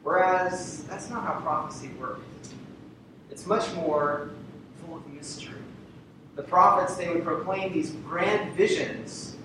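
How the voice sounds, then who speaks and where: A man preaching a sermon with a slightly raised voice, heard from a distance in a very reverberant church sanctuary. He drives his points home by repeating key phrases and asking the congregation rhetorical questions. A low rumble of background noise sits under the recording. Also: slow. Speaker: pastor. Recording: very echoey hall, distant mic, rumble.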